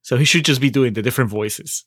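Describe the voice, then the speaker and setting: A man's voice: medium pitch, fast talker, fairly bright tone, no room sound, clean studio sound. A man co-hosting a podcast, wryly picking apart a film and laughing often. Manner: wry, laughs often, pokes holes in the plot. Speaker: podcast co-host. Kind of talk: casual movie review chat.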